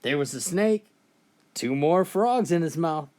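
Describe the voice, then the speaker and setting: A man's voice: on the high side, lively intonation, a little slow, darkish tone. A man telling jokes in a folksy storytelling style, often opening his lines with "well.". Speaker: joke teller. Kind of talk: told jokes, comic storytelling.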